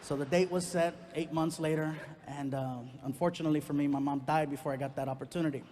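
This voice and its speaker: A man doing stand-up storytelling, animated and prone to loud outbursts. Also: fairly high pitch, fast, big-room sound, slight background noise. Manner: animated, swings into loud outbursts, lots of character voices. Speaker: stand-up comedian.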